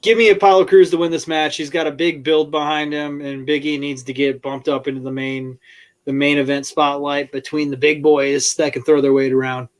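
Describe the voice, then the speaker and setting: A man's voice: on the high side, little pitch movement, a little fast. A man guesting on a podcast, giving blunt, opinionated takes in casual chat.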